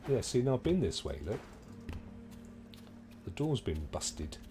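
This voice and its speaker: A man's voice: medium pitch, big pitch swings, unhurried, music in the background. A middle-aged man, chatting jokily to viewers while playing a video game. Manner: chatty and jokey, talks to viewers. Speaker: game streamer. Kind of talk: casual let's-play commentary.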